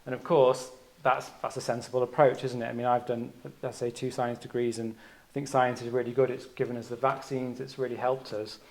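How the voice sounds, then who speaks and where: A man's voice: medium pitch, flat delivery, brisk. A man giving a personal Dharma talk on retreat. He speaks as a doctor, in an earnest, searching way, thinking aloud as he goes.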